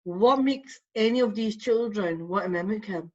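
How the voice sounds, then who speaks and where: A woman's voice: mid-range voice, moderate pace, highs cut off. A woman, a mother and podcast guest, telling stories about her son in an earnest, passionate way. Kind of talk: passionate casual debate.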